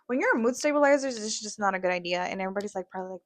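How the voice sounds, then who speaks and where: A young woman co-hosting a podcast, telling a story in fast, profane casual chat and switching into Spanish at times. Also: mid-range voice, animated. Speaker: podcast co-host.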